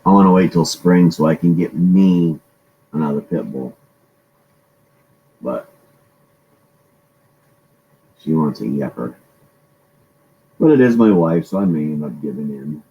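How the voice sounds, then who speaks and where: A man's voice: rumbling low, expressive, normal speed, long pauses, highs cut off, a little hiss or hum. A man hosting a casual live-stream chat, rambling along and greeting his viewers by name.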